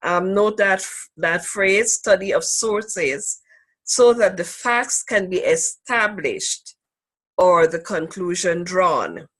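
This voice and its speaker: Slow, deliberate woman lecturing online. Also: lowish voice, lively intonation. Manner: slow, deliberate, emphasizing key words. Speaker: instructor. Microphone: video call.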